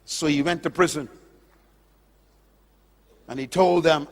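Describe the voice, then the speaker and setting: A man preaching a sermon, emphatic and impassioned, questioning his listeners directly and drawing out key words slowly. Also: steady tone. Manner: impassioned, emphatic, swings from loud declarations to low slow drawn-out words. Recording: long hall reverb.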